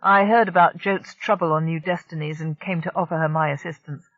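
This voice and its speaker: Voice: mid-range voice, fairly even intonation, a little fast, fairly bright tone, dry recording, highs cut off, natural voice. An audiobook narrator voicing a grim, earnest male spacer explaining himself to an interrogator.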